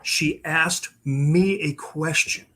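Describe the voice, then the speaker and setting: A man's voice: on the high side, steady tone, takes it slowly, bright, forceful tone. A man telling his own paranormal stories in a rambling way, with many fillers and restarts. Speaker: paranormal investigator guest. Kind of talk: casual storytelling.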